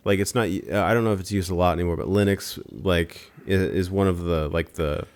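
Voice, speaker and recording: Very deep-voiced rambling man. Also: fairly even intonation, fairly quick, a little mellow. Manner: rambling, hesitant, lots of fillers. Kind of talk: casual podcast chat.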